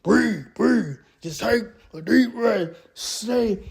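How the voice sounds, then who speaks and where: A man voicing his father, who calmly repeats soothing commands to his panicking son. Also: sits high, slow pace, vocal fry, husky, pitched above the performer's own voice, heavily acted.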